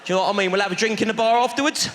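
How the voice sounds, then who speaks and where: A man's voice: high voice, very fast, slight background noise. A man with a London accent doing stand-up crowd work with cheeky slang banter on a theatre stage. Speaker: stand-up comedian. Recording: live theatre, loud crowd, reverb. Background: audience laughter and applause.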